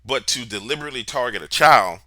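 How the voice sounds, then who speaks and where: A man's voice: medium pitch, expressive, fast, pushed and bright, dry recording, clean studio sound. A man being interviewed, telling a story in a casual, slangy, emphatic way. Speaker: interview guest, paranormal researcher.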